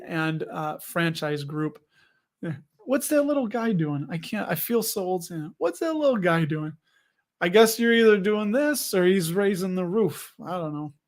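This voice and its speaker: A man with a high, light voice hosts a casual livestream. He rambles and jokes freely with his viewers. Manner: chatty, jokey, rambling. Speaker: host.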